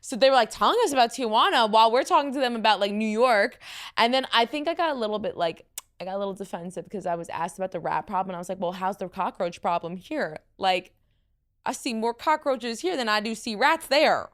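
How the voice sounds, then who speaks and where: Chatty young woman hosting a podcast. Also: a little fast. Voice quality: somewhat deep voice, some vocal fry. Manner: chatty, animated, full of fillers and asides. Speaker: podcast host. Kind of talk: casual chat.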